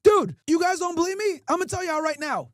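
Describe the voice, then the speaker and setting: He talks fast and animated in a very high pitch, with no room sound. As a streamer and podcast host, he is ranting at his chat in an emphatic, mocking way, piling on rhetorical questions.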